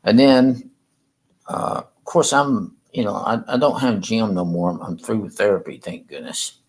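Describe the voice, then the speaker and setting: A man rambling and halting through a casual livestream chat from a room in a rehab facility. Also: fairly low pitch, rough recording. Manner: halting, rambling, repeats himself.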